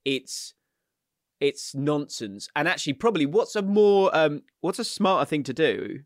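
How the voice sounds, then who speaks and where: A man's voice: fairly high pitch, animated, a little slow, no room sound, clean studio sound. Rambling, teasing podcast host man. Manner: rambling, hedging, playful teasing. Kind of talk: casual chat.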